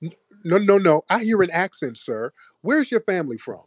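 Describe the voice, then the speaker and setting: A man's voice: high-pitched, very animated, moderate pace, husky, dry recording. A man hosting a heated debate, pressing his points insistently. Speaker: host.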